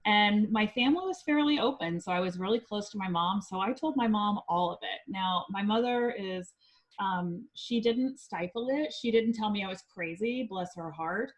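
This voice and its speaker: A woman's voice: medium pitch, moderate pace, rough recording. Chatty woman telling a story. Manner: chatty, lively storytelling with frequent ums. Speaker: psychic medium guest. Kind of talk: podcast storytelling.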